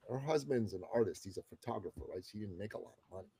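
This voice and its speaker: A man in his fifties from the Middle East, a guest telling a story in a casual, expressive way and swearing freely. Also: on the low side, fast talker, hardly any pauses, breathy edge. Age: 50s. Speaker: guest entrepreneur. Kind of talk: animated storytelling in conversation.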